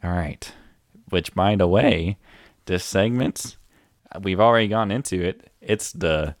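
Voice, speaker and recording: A man's voice: deep voice, unhurried, no room sound, studio quality. A young man co-hosting a comedy podcast, rambling, joking and teasing in casual chat. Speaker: podcast co-host.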